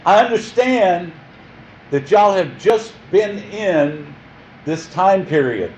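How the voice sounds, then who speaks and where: A man teaching a history class in a jokey, animated way, often quizzing his listeners. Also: on the high side, slow, muffled recording, a little hiss or hum.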